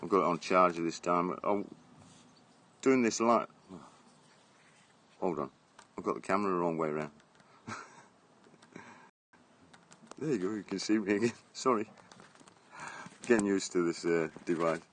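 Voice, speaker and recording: Middle-aged English bloke, low voice, live-streaming from the garden on his phone, rambling, blunt, laughs a lot. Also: unhurried, long pauses, fairly bright tone, a little hiss or hum. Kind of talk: casual live-stream chat. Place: outdoors in a garden. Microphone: phone held at arm's length.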